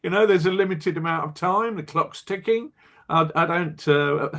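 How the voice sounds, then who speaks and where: A man's voice: fairly high pitch, moderate pace, fairly bright tone. An older man who designs wargame rules, chatting on a podcast in a blunt, wry way, often restarting his sentences. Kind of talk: casual podcast chat.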